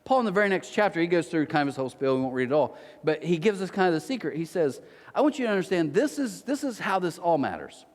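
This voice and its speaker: A man's voice: a little high, fast, long reverb tail. A man preaching a sermon as pastor, telling stories with playful asides. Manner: animated storytelling with playful asides. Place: church auditorium.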